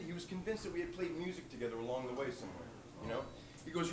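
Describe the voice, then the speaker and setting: A singer-songwriter telling a rambling story between songs at a live gig, relaxed with plenty of ums and uhs. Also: male voice, medium pitch, fast talker, hardly any pauses, noisy background. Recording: echoey live room, mic from a distance. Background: guitar playing.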